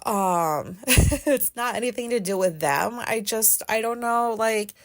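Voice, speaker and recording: A woman's voice: fairly high pitch, a little slow. A woman hosting her own podcast, talking through sad feelings in a rambling, hesitant way with many fillers, restarts and casual swearing. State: sad, teary. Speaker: podcast host. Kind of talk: casual personal monologue.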